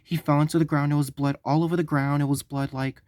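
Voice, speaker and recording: A man telling a story on his vlog, halting and stumbling, often repeating himself. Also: on the high side, level tone, a little mellow, no echo, studio quality. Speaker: vlogger.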